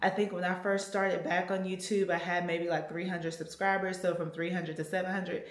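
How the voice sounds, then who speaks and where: A woman's voice: fairly low pitch, level tone, normal speed. A woman, chatting casually to viewers in a vlog with lots of fillers and "y'all". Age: 30s. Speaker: vlogger.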